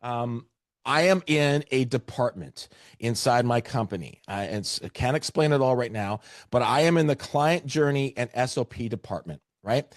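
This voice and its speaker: Over a video call, a Canadian man presents a webinar with energy and emphasis, repeating words to drive his points home, much like a coach speaking straight to his audience. His expressive voice sits at an average pitch and moves at a normal speed. The sound is dry and close, with no echo.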